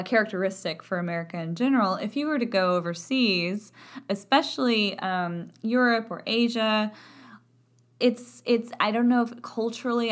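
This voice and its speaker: A woman with a Texan accent talks through a podcast lesson as a voice professor. Her voice sits in a middle pitch, and her delivery is chatty and self-deprecating, with frequent laughs. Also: a bit bright. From Texas. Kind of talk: educational podcast talk.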